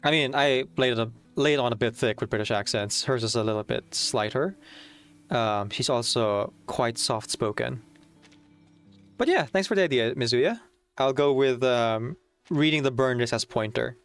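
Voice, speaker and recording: A man's voice: mid-range voice, moderate pace, fairly bright tone, smooth. A young man talks casually to his stream audience, reading comments aloud and musing about a game. He sounds a little nervous but chatty, with faint music playing under his voice. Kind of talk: casual live-stream chat.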